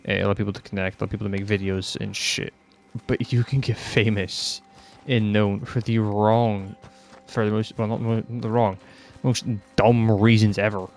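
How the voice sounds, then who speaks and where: A man's voice: on the low side, little pitch movement, moderate pace, hardly any pauses, darkish tone, soft background music. A Scottish man ranting bluntly and rambling on a casual podcast, swearing heavily and sounding fed up. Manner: exasperated, fed-up. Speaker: podcast host.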